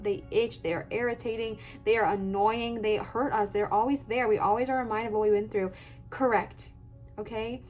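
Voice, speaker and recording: A woman's voice: fairly high pitch, darkish tone. A young woman giving a pick-a-card tarot reading in an earnest, emphatic way, close to tears and repeating affirmations. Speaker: tarot reader.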